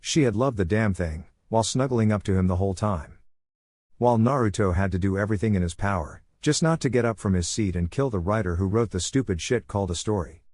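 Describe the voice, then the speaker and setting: A man narrating a fan fiction story in a steady, even reading. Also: lowish voice, quick pace, no room sound, studio quality.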